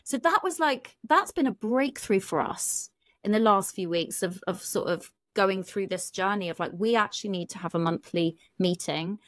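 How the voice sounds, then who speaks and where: A woman's voice: medium pitch, moderate pace, fairly bright tone, no room sound. A British woman, a relationship coach, talking frankly on a podcast and swearing casually. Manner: frank, chatty, swears casually, many fillers. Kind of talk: candid podcast conversation.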